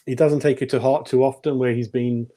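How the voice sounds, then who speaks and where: Blunt, mellow-voiced football pundit man. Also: medium pitch, fairly even intonation, brisk. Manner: blunt, opinionated, laughs at his own jokes. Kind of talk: casual podcast chat.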